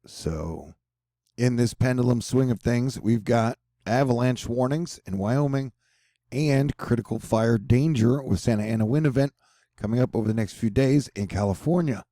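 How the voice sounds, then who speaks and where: Man, weather forecast host, casual and rambling, jokey slang asides, mellow relaxed tone, dry close sound. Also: mid-range voice, moderate pace, dry recording. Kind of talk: casual weather forecast talk over a map.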